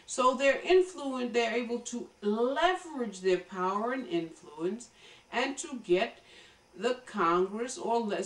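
American woman, slightly high-pitched, emphatic commentary monologue, distant and roomy recording. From United States. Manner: emphatic, lecturing, addresses viewers directly. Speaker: political commentator.

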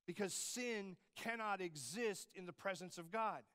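Bright, high-voiced preaching man. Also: a little slow, clear, resonant tone. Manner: conversational preaching, tossing in "Right?" asides. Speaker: campus pastor. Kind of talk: sermon.

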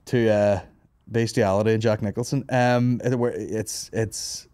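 A man's voice: lowish voice, fairly even intonation, unhurried, a little mellow, no room sound. A young man hosting a comedy podcast, telling stories with lots of swearing and laughing asides. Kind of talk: casual banter.

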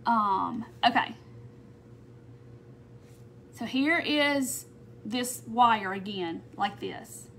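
A woman's voice: a little high, lively intonation, extremely slow, long pauses, a bit bright, a little hiss or hum. Chatty Southern woman crafting on a live stream. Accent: Southern American. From not from North Mississippi. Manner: chatty, reads out viewer comments. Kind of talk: casual craft tutorial chat. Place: home craft table.

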